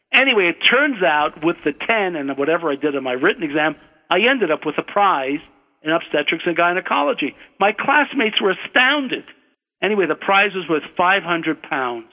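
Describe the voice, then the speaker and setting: Older american guy spinning a long story, bit of a higher voice, tinny phone-line radio sound with echo. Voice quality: unhurried, digressive, self-correcting. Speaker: storyteller, guest. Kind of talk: personal anecdote on radio.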